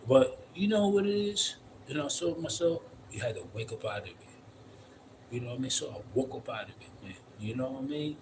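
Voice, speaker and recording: A man's voice: on the high side, noisy background. A man streaming live outdoors, telling a long, blunt, profane story in a loose, rambling way and repeating "you know what I mean" constantly. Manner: blunt, profane street talk. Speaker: livestreamer. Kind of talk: casual livestream monologue. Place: outdoors in the cold.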